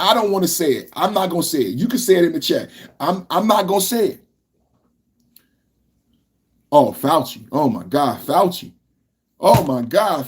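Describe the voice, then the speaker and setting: A man's voice: mid-range voice, darkish tone, husky. A man hosting a political podcast livestream, ranting in a loose, repetitive way and talking to his chat. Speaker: podcast host.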